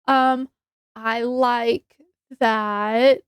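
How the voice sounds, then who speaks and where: A woman's voice: on the high side, steady tone, extremely slow, clean tone, no echo, clean studio sound. A young woman reviewing a book in a casual chat, rambling and correcting herself, with frequent giggles.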